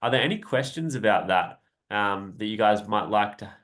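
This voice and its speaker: Chill young guy kinda low voice, rambly coaching livestream, says right? a lot. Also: moderate pace. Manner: relaxed, rambling, often adds "right?"; laughs lightly now and then. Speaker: self-help coach. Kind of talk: casual live-stream talk.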